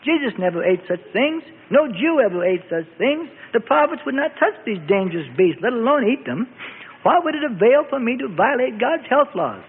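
A man's voice: very high voice, sing-song, moderate pace, husky, pitched above the performer's own voice, exaggerated voice. A man voicing a devout, anxious male apostle who pleads and protests earnestly in a radio Bible drama. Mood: perplexed. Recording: tinny phone-like radio recording with reverb.

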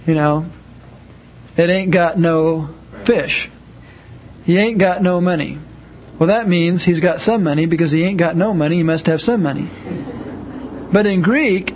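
Man lecturing, muffled and slightly high. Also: husky. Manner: conversational, explains with spoken examples, many fillers. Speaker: Bible class teacher. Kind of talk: informal classroom lecture.

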